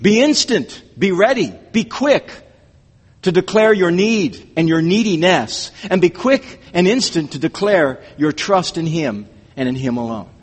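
Earnest high-voiced male preacher. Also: animated, measured pace, breathy edge, big-room sound. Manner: earnest, emphatic, repeats key phrases. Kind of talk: expository sermon.

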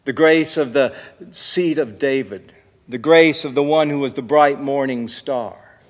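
A man's voice: medium pitch, long reverb tail. A man preaching a sermon in an earnest way, his voice swelling and dropping in volume.

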